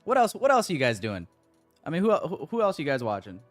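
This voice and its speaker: A man's voice: on the high side, wildly swooping pitch, fast, soft background music. An American man hosting a trading livestream, chatting casually and reading comments from the chat. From United States.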